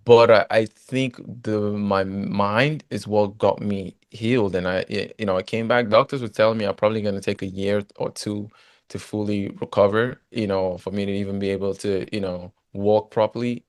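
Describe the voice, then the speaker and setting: In a relaxed interview, a guest who went from footballer to agent tells his story animatedly, dropping "you know" between phrases. His voice runs fairly low at a moderate pace, recorded close and dry with no room sound or echo.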